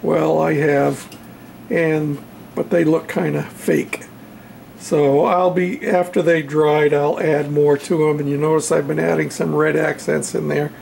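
A man talks slowly in a gravelly, fairly high voice, pausing often and filling gaps with "uh" and "um". He walks through his railroad backdrop in a relaxed show-and-tell. Faint room noise sits behind him in his home workshop. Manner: unhurried, halting, with many fillers. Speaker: model railroad hobbyist showing his painted backdrop.

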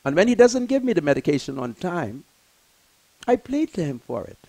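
An older man, hosting a talk show in an impassioned, emphatic monologue that swings between loud and soft. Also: fairly high pitch, big pitch swings, moderate pace, gravelly, poor audio.

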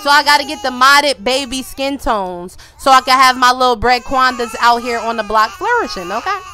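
A woman giving casual, joking gameplay commentary, animated and laughing often. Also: high voice, moderate pace, a little hiss or hum. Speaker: gaming YouTuber.

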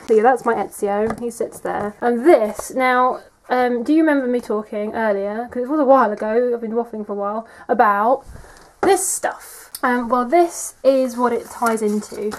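A woman's voice: a little high, a little fast, a little mellow, rough recording. A young woman gives a casual, rambling bookshelf tour vlog, often saying "like" and "um". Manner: chatty and rambling, says "like" and "um" often. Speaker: vlogger.

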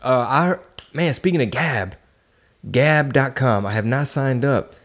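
Man, podcast host, casual slangy chat, middle pitch. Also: unhurried. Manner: casual, slangy, animated when telling stories.

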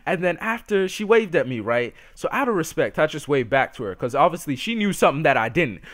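Animated teenage guy telling a story. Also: on the high side, a little fast. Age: teens. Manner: animated, laughs often, bursts into shouts. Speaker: gaming channel commentator. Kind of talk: comic storytelling over gameplay.

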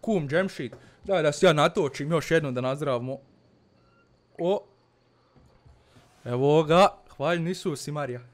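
A man's voice: fairly high pitch, moderate pace, long pauses. A man doing comedic let's-play commentary, mixing broken English with his own language, swearing and muttering nervously as he plays. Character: fearless-boasting Balkan village man persona. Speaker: gaming channel host.

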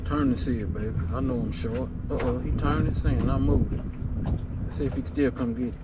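A man giving lively, excited commentary while fishing from a boat and talking to the fish. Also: mid-range voice, a little fast. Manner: lively, talks to the fish and viewers. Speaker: fishing vlogger. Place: outdoors on the water, in a boat. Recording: noisy outdoor phone recording.

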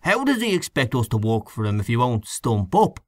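A man voicing a moody, mild-mannered canvasser in a storybook reading, dubious and unhurried. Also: medium pitch, very animated, dry recording, clean studio sound, lightly acted.

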